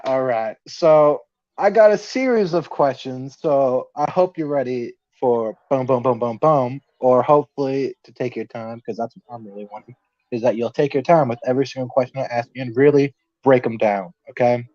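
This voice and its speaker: A man's voice: mid-range voice, normal speed, mellow, no echo. A young man hosting a casual podcast livestream, nervous and laughing as he reads out viewer comments. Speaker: podcast host. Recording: dull, lo-fi dry sound.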